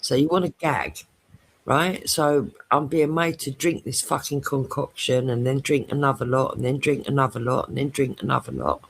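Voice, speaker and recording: A woman's voice: a bass voice, fairly even intonation, moderate pace, creaky, slightly rough. A British woman hosting a casual podcast chat, telling a crude story with lots of swearing and laughter.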